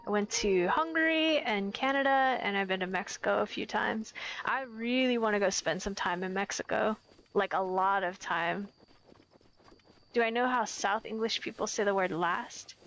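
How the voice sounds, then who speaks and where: A woman's voice: mid-range voice, moderate pace, fairly bright tone, rough recording. A woman in her twenties from the United States, chatting casually and playfully while streaming a game. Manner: rambling, playful, self-commenting. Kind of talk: casual gameplay chat.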